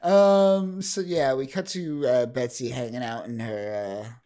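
A man's voice: mid-range voice, a little slow. A man in casual chat, recapping a comic's plot at an easygoing pace. His voice sits mid-range, and he often stops on "uh" and "um". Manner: relaxed recapping with fillers, bursts of play-acting. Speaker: podcast co-host.

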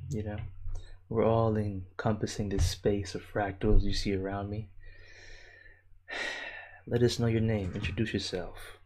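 A young man chats on a livestream in a lowish voice, loose and full of slang and swearing. He laughs a lot and reads viewer comments aloud warmly. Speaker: livestream host. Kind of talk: casual livestream chat.

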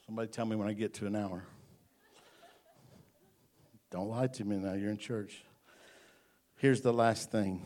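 A male pastor preaching a sermon in church, folksy and joking, then building to emphatic repeated lines. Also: mid-range voice.

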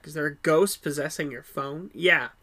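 A bright, crisp voice that talks bluntly and swears freely in a loose chat about a horror film. It often repeats its first words before finishing a thought. The pitch sits at a middle level. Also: moderate pace. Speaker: film podcast co-host. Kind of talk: casual movie review chat.

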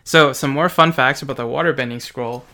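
A man's voice: medium pitch, vocal fry, bright, forceful tone. A young man co-hosting a podcast, sharing fun facts in a casual, explanatory way. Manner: shares trivia in a measured, explanatory way. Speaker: podcast co-host. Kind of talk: casual fun-fact chat.

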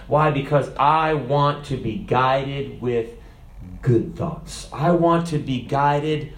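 A man preaches with plenty of animation, his voice sitting a little high for a man. His pitch and volume rise and fall as he acts out little voices. The sound carries a roomy echo. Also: slow, fairly bright tone. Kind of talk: sermon.

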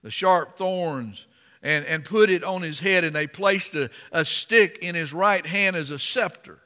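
A man preaching a sermon and reading scripture aloud, impassioned and dramatic, rising to loud emphasis. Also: a little high, unhurried, long reverb tail.

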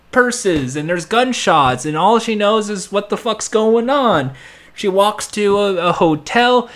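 Guy rambling thru a tv episode recap, lively up and down voice, kinda high. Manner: rambling, animated, acts out lines. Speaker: TV episode reviewer.

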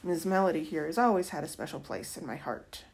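A woman's voice: low voice, lively intonation, a little fast, gravelly, darkish tone. A woman reading aloud, voicing a wise, no-nonsense neighbor who tutors a child, speaking plainly and firmly. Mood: matter-of-fact.

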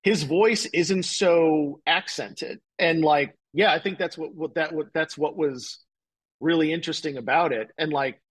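A man with a somewhat higher, husky voice, chatting as a podcast guest. He rambles enthusiastically, stringing thoughts together with lots of fillers. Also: a little slow, low-quality recording. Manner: rambling, enthusiastic, many fillers like "like" and "you know". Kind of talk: casual chat.

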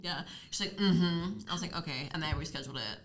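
Lower-voiced young woman cohosting casually. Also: rapid-fire, crowd noise. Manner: blunt, swears freely, tells stories with quoted voices. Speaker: podcast co-host. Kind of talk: casual chat.

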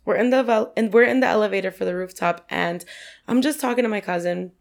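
A woman with a New York accent tells a long, loose story as a podcast guest, full of "like" and swearing. She talks fast at medium pitch, with vocal fry.

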